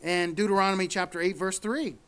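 High-voiced man preaching. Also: fairly even intonation, fairly quick, a bit bright, clear, resonant tone. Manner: earnest, repeats words, rises for emphasis. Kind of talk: sermon with scripture reading.

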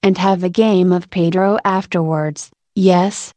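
A woman's voice: on the low side, steady tone, a little slow, mellow, no room sound, close to an everyday voice. Jones, a woman reading as a sneering rival man. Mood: mocking. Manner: sneering, one-upping, folksy. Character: competitive grown man, mocking rival. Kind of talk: storybook reading.

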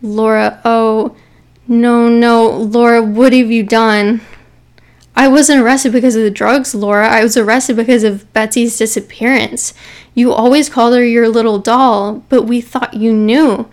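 A woman's voice: on the high side, fairly even intonation, a little slow. A woman reading as a tearful, pleading mother. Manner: pleading, breaking off and repeating herself. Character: remorseful middle-aged mother, tearful and pleading.

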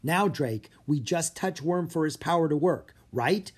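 A reader voicing a serious, polite young boy who speaks formally and softly. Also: medium pitch, lively intonation, measured pace, husky, pitched above the performer's own voice.

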